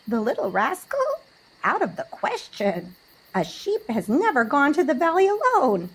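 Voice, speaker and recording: Brief: storybook flock of fussy old sheep, put on by a woman, higher and animated. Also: normal speed, low-quality recording. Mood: fretful. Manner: tutting, worried and disapproving. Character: fretful flock of older sheep.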